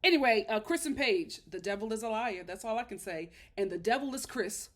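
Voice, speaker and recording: A woman's voice: medium pitch, expressive, brisk. A woman reviewing a reality show in casual commentary, sassy and emphatic as she talks the episode through.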